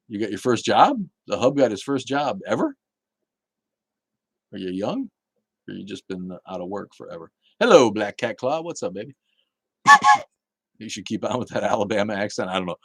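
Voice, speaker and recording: A man's voice: on the low side, lively intonation, normal speed, long pauses, sharp tone, husky, no room sound. A man hosting a casual livestream, chatting bluntly with viewers, swearing and laughing often. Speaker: livestream host reading chat.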